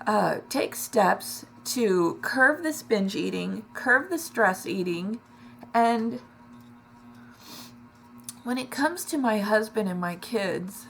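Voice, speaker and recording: A middle-aged woman talking in a personal vlog, emotional and close to tears, halting with many ums and restarts. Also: medium pitch, animated, vocal fry. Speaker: weight loss vlogger.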